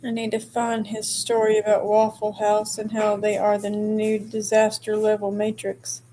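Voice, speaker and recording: A woman, co-hosting a fishing stream outdoors and reading viewer comments aloud in an unhurried way. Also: medium pitch, completely flat delivery, dark tone, a little hiss or hum, low-quality recording. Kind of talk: casual chat. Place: outdoors on a river.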